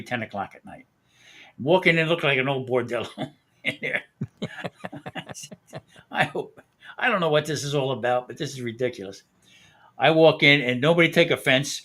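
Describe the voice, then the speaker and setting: A bright, forceful-sounding man hosting a casual live stream. He spins a long, profane anecdote, laughing often between lines. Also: mid-range voice. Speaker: host.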